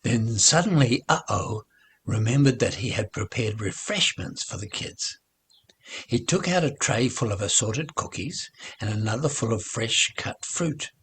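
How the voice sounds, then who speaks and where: An older man with a New Zealand accent, reading a children's story aloud in a measured way and softening almost to a whisper in sad parts. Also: lowish voice, husky. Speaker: storybook reader.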